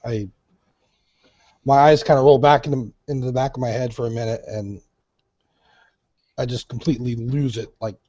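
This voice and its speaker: A man playing at a tabletop game, describing his character's actions in a halting way, repeating words as he thinks aloud. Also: mid-range voice, steady tone, warm tone, no echo, muffled recording. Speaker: player.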